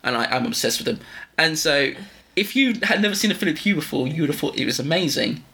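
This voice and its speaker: A man's voice: fairly high pitch, lively intonation, quick pace, sharp tone. A man co-hosting a podcast, talking in rambling, self-interrupting casual chat. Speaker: podcast co-host.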